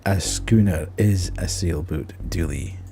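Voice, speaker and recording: A man voicing a weary male detective in a game, with a Scottish accent and a dry, deadpan delivery. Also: low voice, takes it slowly, pitched below the performer's own voice.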